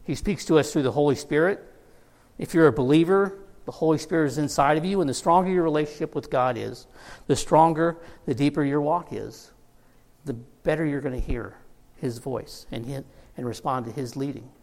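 Pastor preaching in a reverberant hall. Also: male voice, a little high, normal speed. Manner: storytelling with humor, quoting characters in lively voices. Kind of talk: sermon.

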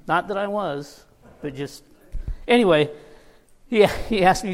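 His voice sits high and moves at a measured pace as this pastor shares a personal story in his sermon, laughing and tossing in easy asides. The church sanctuary gives the recording a long hall reverb.

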